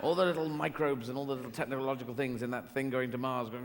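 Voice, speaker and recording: Rambling comedian, gravelly voice. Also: male voice, mid-range voice, fairly even intonation, fast. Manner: rambling, restarting, whimsical tangents. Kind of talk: stand-up comedy. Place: large theatre stage. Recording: echoey live theatre hall with ambient noise.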